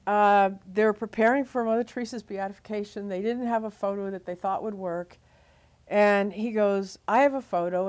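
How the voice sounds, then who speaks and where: A middle-aged woman, a photographer telling her story in an interview, animated and full of fillers and restarts. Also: medium pitch. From Louisiana.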